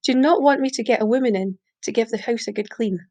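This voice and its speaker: A woman's voice: fairly high pitch, fast, darkish tone, lightly acted. A woman voicing Malky, a controlling, blustering man, in a story reading. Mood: wheedling. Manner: pushy, wheedling, then growling. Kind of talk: audiobook reading.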